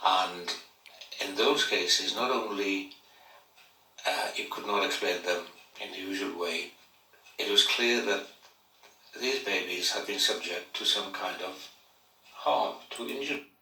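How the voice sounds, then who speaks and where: Deep man in a roomy, distant clip. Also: a little slow, pauses often, sharp tone. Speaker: interviewee on a podcast. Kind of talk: measured interview answer.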